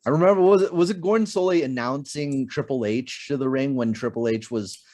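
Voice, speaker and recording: A man co-hosting a casual wrestling podcast, animated and often laughing as he tells stories. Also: mid-range voice, fairly quick. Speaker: podcast co-host.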